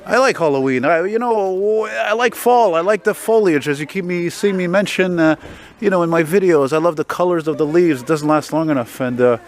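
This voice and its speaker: A man, walking a city street at night and chatting into his camera in a rambling, profane, easily excited way. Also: fairly high pitch, fairly quick. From Quebec, Canada. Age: 40s. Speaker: vlogger. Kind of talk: casual walking vlog. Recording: street traffic noise outdoors.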